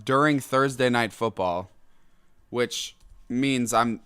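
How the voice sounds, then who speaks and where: A young man hosts a solo podcast in an angry, exasperated rant, his voice jumping into loud outbursts. He talks slowly with a smooth, clear tone, recorded dry and close on the mic. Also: medium pitch, dry recording. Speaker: podcast host.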